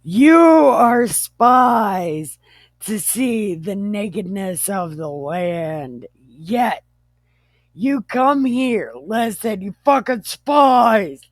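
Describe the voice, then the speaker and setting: A woman voicing a scornful young male governor who shouts and mocks with profanity. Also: lowish voice, slow pace, hardly any pauses, no room sound, studio quality. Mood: mocking.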